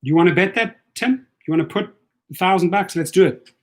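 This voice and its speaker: A man hosting a casual livestream, talking in a high register. He taunts and goads in a combative, repetitive way. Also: fairly quick. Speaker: livestream host.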